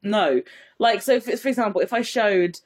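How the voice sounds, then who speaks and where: A woman's voice: mid-range voice, lively intonation, moderate pace, slightly rough. A woman co-hosting a casual podcast chat, talking freely and mimicking how others speak. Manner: chatty, laughing, mimics others. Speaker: podcast co-host.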